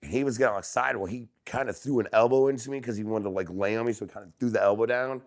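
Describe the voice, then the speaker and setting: A man on a podcast as a guest, chatting casually and telling animated stories, acting out quotes. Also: mid-range voice, very fast. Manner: animated storyteller who acts out quotes.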